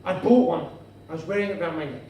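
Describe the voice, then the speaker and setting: A man's voice: on the high side, fast talker, mellow. A male stand-up comedian with a formal, florid manner, addressing the audience as sir and madam, recorded live with heavy echo from a distance. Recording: echoey live room from afar, noisy.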